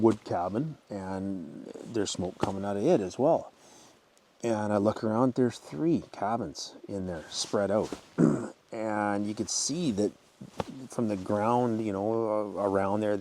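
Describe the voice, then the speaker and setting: A man hosting his channel, retelling a viewer's wilderness encounter in a rambling, casual way and often clearing his throat. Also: lowish voice, darkish tone, a little hiss or hum. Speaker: channel host reading a viewer's story. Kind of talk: casual spoken storytelling.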